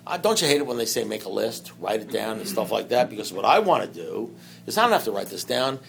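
A man gives a personal recovery talk to a meeting, rambling conversationally with lots of "you know" asides and acting out dialogue in his anecdotes. He swings between loud bursts and quiet, low stretches, talking fast in a sing-song voice with vocal fry. There's a little hiss or hum on the recording.

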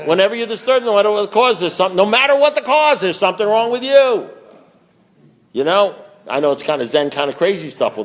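A man speaking at a recovery meeting in a slightly high voice. He tells folksy stories, acts out both sides of his conversations and is blunt and joking. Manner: blunt, joking, laughs often.

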